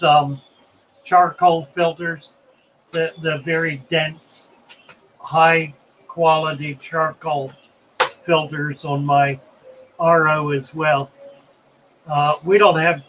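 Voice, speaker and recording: A man hosts a relaxed live stream, reading out viewer comments and musing between them. He speaks slowly in a somewhat high voice. The audio is slightly dull, with a faint hiss behind it. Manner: unhurried and chatty, musing aloud.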